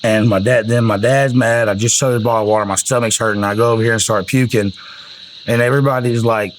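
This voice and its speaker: A man's voice: mid-range voice, steady tone, fast talker, a little hiss or hum, rough recording. A man, telling rambling, profane stories about his music in a casual way. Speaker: country singer telling album stories. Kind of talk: casual storytelling.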